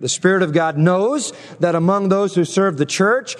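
A man preaching a sermon as a pastor, measured and emphatic, slowing down to stress key words. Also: sits high, long reverb tail.

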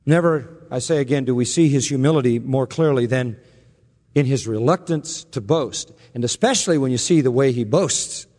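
A man's voice: medium pitch, moderate pace, a little mellow, big-room sound. A man preaching an expository sermon, emphatic and sarcastic, building in intensity as he drives his points home. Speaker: pastor.

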